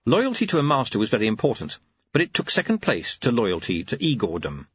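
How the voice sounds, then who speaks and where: A man narrating a story in a wry, expressive way, in a dull lo-fi audiobook recording. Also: mid-range voice, brisk, slight background noise. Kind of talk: scripted narration.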